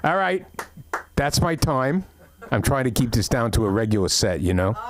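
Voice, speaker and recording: A man's voice: mid-range voice, sing-song, moderate pace, noisy background. A middle-aged man doing an open mic stand-up set, telling stories with blunt punchlines. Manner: brash storytelling with blunt punchlines. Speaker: stand-up comic.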